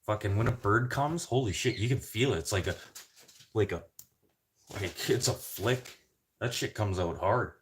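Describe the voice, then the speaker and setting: A man's voice: lowish voice, normal speed, slight background noise. A man from the Canadian prairies chatting casually in a rambling, joking way, swearing constantly. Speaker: vlogger.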